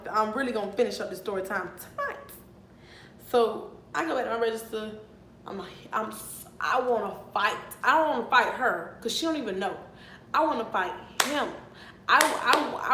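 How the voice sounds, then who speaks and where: Fired-up young woman in an echoey room. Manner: heated, profane, animated retelling. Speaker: vlogger. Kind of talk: storytime vlog. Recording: echoey room with faint rumble.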